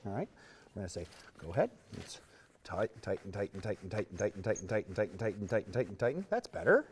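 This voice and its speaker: A man giving a hands-on lesson as a horse trainer, with coaxing, rhythmic repeated cues and soft praise. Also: lowish voice, big pitch swings, fast, a little hiss or hum. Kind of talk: hands-on instruction.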